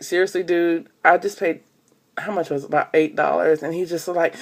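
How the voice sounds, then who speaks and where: A woman's voice: lowish voice, steady tone, moderate pace, darkish tone. A young woman vlogging casually into her phone camera, rambling with lots of fillers. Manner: chatty, rambling with many fillers.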